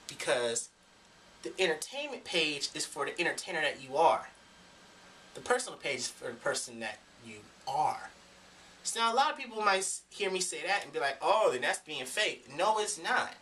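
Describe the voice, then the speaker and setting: A man's voice: on the high side, pushed and bright, recorded from a distance, slight background noise. A young man ranting emphatically to his camera in a preachy, profane vlog monologue. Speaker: vlogger. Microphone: camera mic.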